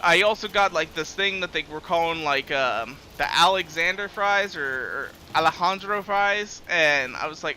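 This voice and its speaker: A man's voice: high-pitched, moderate pace, bright, forceful tone, slight background noise. A young man live-streaming a game, chatting casually in a rambling, profane way and chuckling often.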